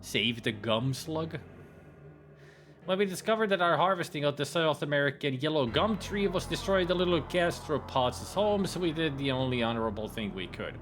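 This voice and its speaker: A man reads game texts and jokes aloud for his let's play, casual and mocking. His pitch swings lively through every line, and a faint hiss sits under the voice. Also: moderate pace. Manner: casual, mocking, with fillers and slips. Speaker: let's player. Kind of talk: gaming commentary, reading texts and jokes aloud.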